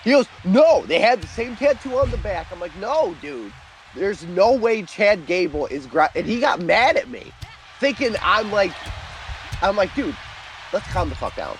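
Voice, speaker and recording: A young man doing casual gaming commentary, telling stories and acting out quotes with lively energy. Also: high voice, moderate pace, a little hiss or hum. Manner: animated storytelling, acts out quotes.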